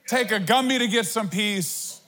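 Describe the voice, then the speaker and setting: High-voiced preacher in an echoing hall. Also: male voice, moderate pace, sharp tone. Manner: conversational preaching with playful asides. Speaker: pastor. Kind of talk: sermon. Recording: long hall reverb.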